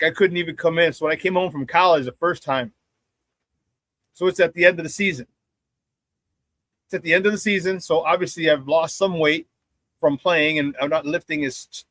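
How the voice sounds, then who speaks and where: A man's voice: on the high side, moderate pace, long pauses, a bit bright, no echo. A man hosting a casual live sports talk show, chatting with viewers, laughing often and repeating phrases for emphasis.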